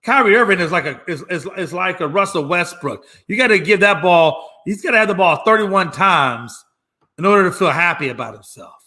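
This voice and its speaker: A man's voice: high voice, lively intonation, brisk, pushed and bright. A man hosting his own sports talk show alone, ranting emphatically and mockingly, repeating lines for effect. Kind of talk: solo sports talk rant.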